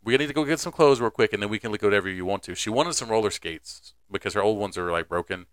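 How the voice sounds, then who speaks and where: A man's voice: fairly low pitch, fast talker, no room sound, studio quality. A young man co-hosting a podcast, chatting casually, joking crudely and laughing often. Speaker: podcast co-host. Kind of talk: casual chat.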